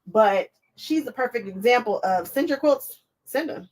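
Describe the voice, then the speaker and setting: A woman's voice: a little high, lively intonation, normal speed, darkish tone, slight background noise, rough recording. Woman, casual livestream chat, talkative, laughs often, sewing machine behind. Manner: chatty, talks to viewers, laughs often. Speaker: livestream crafting host.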